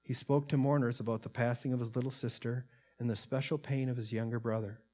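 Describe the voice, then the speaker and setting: A man preaches in an earnest, plain-spoken way, his voice sitting at a middle pitch. He reads quoted lines aloud with more force and fills his own commentary with ums and restarts. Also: fairly even intonation, fast, dark tone. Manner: earnest, rising in volume on quotes, many fillers. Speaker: pastor. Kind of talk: sermon with read-aloud transcript.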